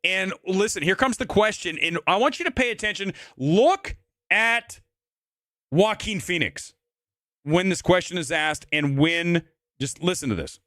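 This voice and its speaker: A man's voice: high-pitched, animated, measured pace, a bit bright, no room sound, clean studio sound. A man hosting a live movie-talk stream, ranting in a brash, profane, mocking way.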